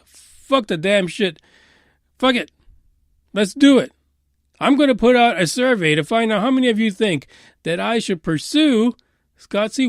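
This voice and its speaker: A man hosting a podcast in a profane, sarcastic rant, swinging between loud outbursts and low mutters. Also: no echo, clean studio sound. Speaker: podcast host. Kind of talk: ranting podcast commentary.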